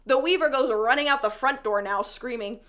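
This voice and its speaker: A woman recapping a fantasy novel for a video, chatty and unscripted. She drops sarcastic asides, and her voice sits fairly high. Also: fairly quick, a bit bright. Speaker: book vlogger.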